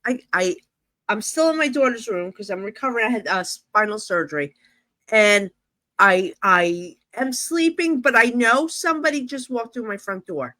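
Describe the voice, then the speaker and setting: A woman's voice: fairly high pitch, lively intonation, moderate pace, pushed and bright, no room sound. A middle-aged woman from New Jersey, a psychic medium telling stories in a casual interview, rambling and full of fillers like "you know".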